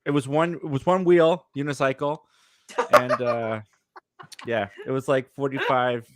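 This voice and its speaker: A man's voice: medium pitch, steady tone, unhurried, very noisy. A man telling a rambling, self-mocking story as a guest in a casual chat. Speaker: guest co-host.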